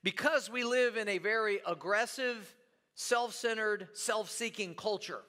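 A man's voice: high-pitched, a little slow, bright, forceful tone, in a large hall. A man preaching a sermon as pastor in a church, talking conversationally, repeating words and asking his listeners "right?".

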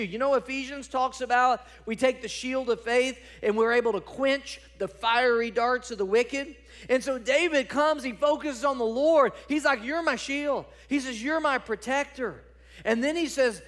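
A man with a notably high voice preaches a sermon to his congregation. He is emphatic and earnest, repeating words as he builds his points and turning to the church with direct questions. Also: fairly bright tone. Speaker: pastor.

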